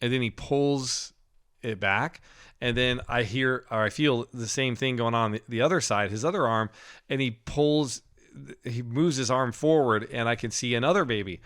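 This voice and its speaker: A middle-aged man on a podcast, telling a personal story in casual talk, with frequent laughs and halting restarts. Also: mid-range voice, fairly bright tone, clean tone. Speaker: podcast co-host.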